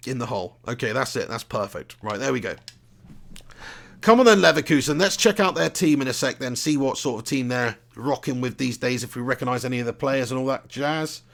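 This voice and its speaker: A man's voice: medium pitch, moderate pace, creaky. A man from England, chatting casually and laughing often while commentating a live game stream. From southern England. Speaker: gaming streamer. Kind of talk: live gameplay commentary and chat.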